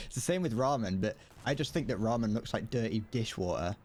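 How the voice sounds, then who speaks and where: British male streamer, lowish voice, rambly and stammering, loose off-the-cuff commentary. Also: animated, moderate pace, a little mellow. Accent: British English. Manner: rambling, stammers and restarts, chuckles often. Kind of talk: casual game-stream chatter.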